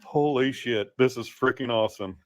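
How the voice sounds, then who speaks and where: A man's voice: mid-range voice, normal speed. A man filming a casual home video, cooing at his pet in doting baby talk.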